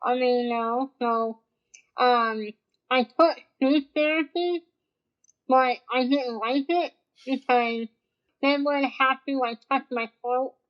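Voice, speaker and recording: A woman's voice: sits high, slow pace. A deaf woman guest, speaking with a deaf accent, chatting casually and acting out what people say to her. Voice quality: deaf speech, uses hearing aid. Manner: animated, laughs often, acts out quotes. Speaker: guest streamer. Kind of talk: casual chat. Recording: dull lo-fi sound.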